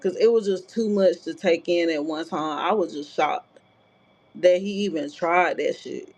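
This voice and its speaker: Her voice is fairly low, a little mellow and unhurried, heard on a dull lo-fi recording. This vlogger recounts something personal in a blunt, casual, swear-laden way, often wandering into filler asides.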